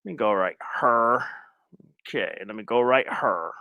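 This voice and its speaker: A man hosts a casual live stream, sharing his screen while talking loosely in slang and repeating his phrases. His fairly low, sharp voice comes at normal speed, studio quality with no room sound.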